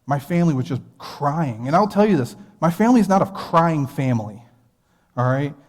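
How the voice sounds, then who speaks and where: A man's voice: a little high, expressive, moderate pace, darkish tone. A man in his thirties with an American accent, preaching a sermon as a pastor and telling a personal story in an earnest, conversational way. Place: church sanctuary. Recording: long hall reverb.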